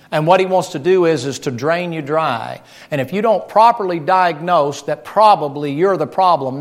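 A man preaching a folksy, animated sermon and joking with his congregation. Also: a little high.

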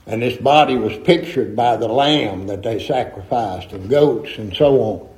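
A man's voice: mid-range voice, a little slow, a little mellow, rough recording. A middle-aged man preaching a sermon in a folksy, emphatic way with rustic grammar.

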